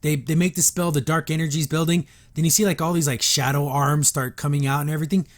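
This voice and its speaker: Animated man recapping a cartoon. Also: on the high side. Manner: animated retelling, acting out characters' lines in quick voices. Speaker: podcast host reviewing a cartoon episode. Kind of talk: casual recap and reaction.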